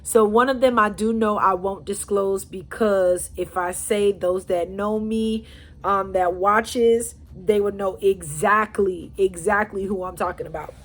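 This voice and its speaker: A woman telling a personal story to her viewers in a chatty, animated way. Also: medium pitch, measured pace. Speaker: storyteller, channel host. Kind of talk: casual storytime vlog.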